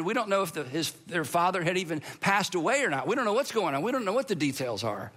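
A male pastor delivering a sermon in an animated, conversational way, speaking directly to his listeners. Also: sits high, fast talker, few pauses. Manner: animated, conversational preaching with asides to the audience.

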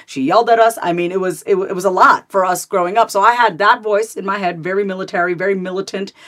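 A woman in her thirties talks as a guest in a candid podcast interview. She speaks in quick, lively bursts, scattered with "like" and restarted words, while her pitch sits in an ordinary middle range. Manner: animated, fast, many "like" fillers and repeated starts. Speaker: podcast guest, therapist and author.

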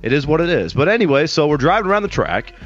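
A man hosting a motorsports radio show, telling stories in a brash, quick way. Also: fairly high pitch, very animated, dull audio, faint music behind. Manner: brash storytelling, quick bursts. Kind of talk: sports radio talk.

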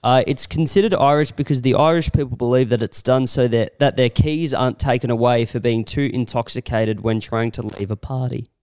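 A man's voice: medium pitch, steady tone, brisk, hardly any pauses, a little mellow, clean tone, no echo. A man co-hosting a comedy podcast, telling a story and laughing at himself. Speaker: comedian co-host. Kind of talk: casual podcast chat.

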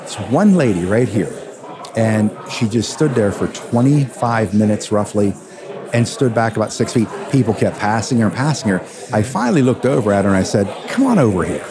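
A man who hosts a radio show, telling stories in an interview with animated, emphatic delivery. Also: on the low side, moderate pace. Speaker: radio host and attorney, guest. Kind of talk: conversational storytelling interview. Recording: crowd chatter behind.

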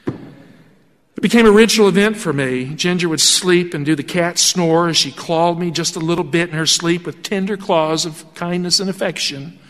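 A male pastor telling a story in a sermon, animated and acting out the voices of the people in it. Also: high-pitched, normal speed. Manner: animated storytelling with acted-out quotes. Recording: long hall reverb.

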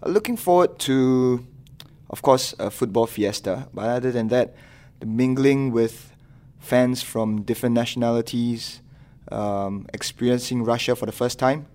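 A man's voice: mid-range voice, measured pace, darkish tone. A man who works as a sports correspondent, chatting casually on a podcast in an easygoing, joking manner.

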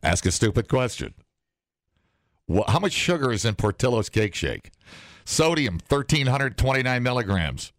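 A man co-hosting a casual radio show, animated and quick to burst into loud rants and laughs. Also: mid-range voice, dry recording, clean studio sound. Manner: animated, swings into loud outbursts, laughs often. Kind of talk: casual morning show banter.

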